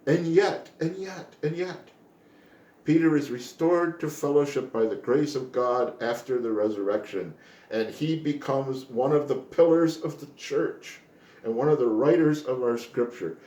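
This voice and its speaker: A man's voice: medium pitch, normal speed, dark tone, roomy sound. A man from the United States giving an earnest, reflective daily Bible devotional, pressing hard on his key points. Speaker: Bible teacher.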